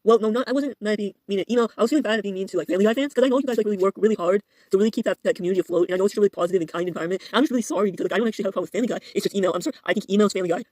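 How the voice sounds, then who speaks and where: A young man hosts a parody internet drama commentary from his home dinner table, rambling in a gossipy, mock-outraged way with plenty of fillers and asides to viewers. His voice is high and darkish, firing off words rapidly with few pauses. The podcast mic recording is low quality, with no room sound.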